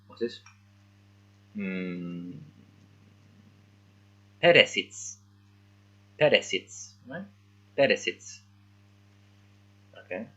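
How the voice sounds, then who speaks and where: A man reading a children's book aloud as a language learner, thinking aloud in a halting, puzzled way and stopping often to work out words. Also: deep voice, lively intonation, pushed and bright, muffled recording. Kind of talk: casual thinking-aloud readalong.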